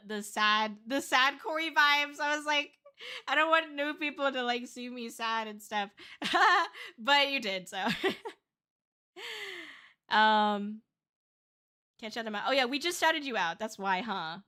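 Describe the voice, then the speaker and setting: A woman's voice: a little high, bright, forceful tone, smooth. A young woman streaming, chatting candidly with viewers in a rambling way, full of fillers and restarts. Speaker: VTuber streamer. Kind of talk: casual livestream chat.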